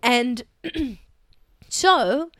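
Woman, podcast co-host, animated gossipy storytelling, fairly high voice, dry close sound. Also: very slow, no echo. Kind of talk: casual comedic chat.

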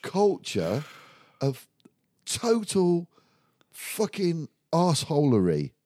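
Mellow, swearing storyteller. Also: male voice, a little high, huge pitch swings, slow, no room sound. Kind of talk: casual storytelling chat.

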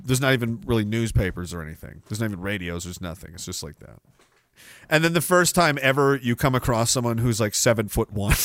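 A man's voice: medium pitch, fairly bright tone, no echo, studio quality. A young adult man hosting a casual livestream, joking, laughing often and reading viewer messages aloud. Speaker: livestream show host.

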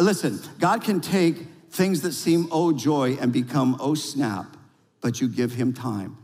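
A male pastor delivering a sermon, telling a lively story and then leading a quiet prayer. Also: mid-range voice, measured pace. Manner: storytelling with rising excitement, then hushed prayer. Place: church sanctuary. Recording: long reverb of a large hall.

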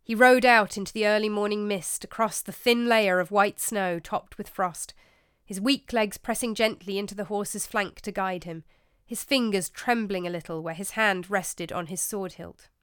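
Woman narrator, measured storybook reading, dry close sound. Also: medium pitch, a bit bright, clear, resonant tone, no room sound.

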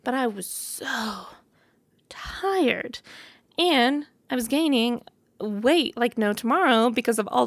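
A woman's voice: a little high, creaky, fairly bright tone, no room sound. A woman in her thirties telling her personal story to camera in a frank, chatty way, full of fillers. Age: 30s. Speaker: vlogger.

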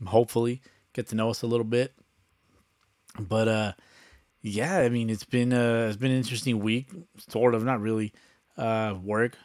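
A man's voice: on the low side, no room sound, studio quality. Profane, rambling man hosting a podcast. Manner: loose, profane, rambling with many fillers. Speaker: podcast host. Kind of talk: casual solo podcast chat.

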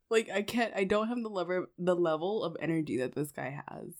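A woman's voice: mid-range voice, a little fast. Young woman telling a story, lots of "like". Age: 20s. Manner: chatty, animated storytelling, peppered with "like" and swearing. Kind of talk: casual chat.

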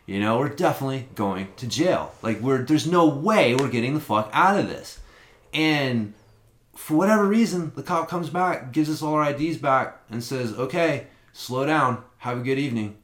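On a podcast, a man with a medium-pitched voice and a moderate pace rambles through a long, casual tale, cursing often and telling it with real animation. The room has noticeable echo.

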